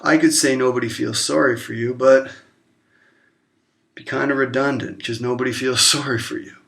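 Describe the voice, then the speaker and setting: A man delivering an emotional, confrontational monologue to camera, swearing openly and swinging between low murmurs and raised outbursts. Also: steady tone, moderate pace, vocal fry, a bit bright. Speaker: vlogger.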